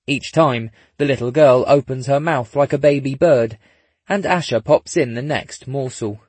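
Husky guy narrating a story, dead dry recording, sarcastic little asides. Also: mid-range voice, normal speed, a little mellow, no room sound. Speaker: audiobook narrator. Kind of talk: scripted narration.

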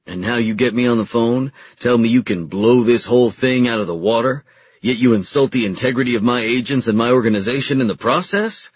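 A man with a husky voice voicing a stern, powerful federal agency chief in an audiobook who talks in a cold, cutting way. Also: mid-range voice, brisk, muffled recording, lightly acted.

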